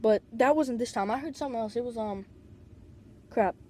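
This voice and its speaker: A woman telling a rambling, casual story into a tablet mic, filling every pause with "like" and swearing freely. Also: a little high, a little mellow. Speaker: vlogger.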